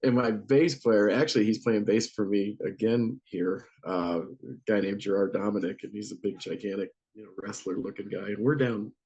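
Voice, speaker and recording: A man's voice: fairly low pitch, normal speed, husky, highs cut off. A middle-aged man from Northeast Ohio, a musician telling casual anecdotes with frequent laughter. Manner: laughs often, animated anecdotes with acted quotes. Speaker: musician guest. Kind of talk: casual storytelling.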